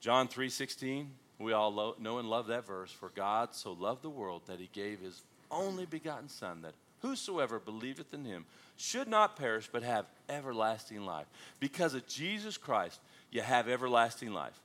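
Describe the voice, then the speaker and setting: A man preaching a sermon to his congregation, animated and joking, often calling out questions to the room. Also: medium pitch, normal speed. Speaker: pastor.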